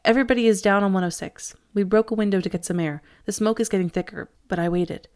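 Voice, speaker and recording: A woman reading the part of a dying father who speaks quietly, slowly and with a trembling voice. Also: mid-range voice, natural voice. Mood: weak, strained. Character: dying father, weak, strained, loving.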